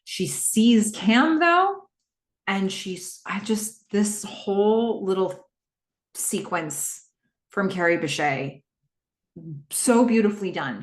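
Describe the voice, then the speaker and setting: A woman hosting a podcast, recapping a TV episode in a casual, animated way and quickly acting out the characters' lines. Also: lowish voice, reverberant. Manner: animated retelling with quick quoted voices of characters.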